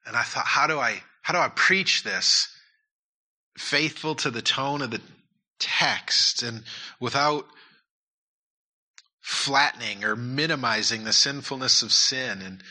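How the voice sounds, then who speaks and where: Male pastor, sermon delivery, earnest, repeats points, very bright tone, mid pitch. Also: a little slow, long pauses. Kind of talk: sermon and prayer.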